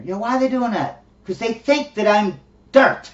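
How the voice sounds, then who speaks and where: A man's voice: high voice, animated, moderate pace. Blunt, profane man ranting in an echoey room. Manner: blunt, profane, laughs between points. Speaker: commentary host. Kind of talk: casual ranting monologue. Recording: echoey, distant, dull lo-fi room recording.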